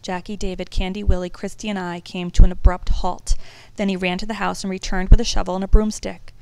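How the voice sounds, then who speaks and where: A woman reads a children's picture book aloud in a lively, expressive way. Her voice sits at a middle pitch and moves from hushed passages to loud ones. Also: a little fast, vocal fry, clean tone, no echo. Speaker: storybook reader.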